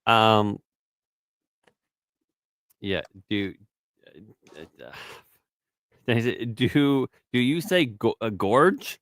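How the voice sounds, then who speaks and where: A man's voice: fairly low pitch, animated, very slow, long pauses, a bit bright, no echo, studio quality. A man co-hosting a casual live-stream show, reading chat messages aloud and teasing his co-host. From Canada. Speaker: podcast co-host.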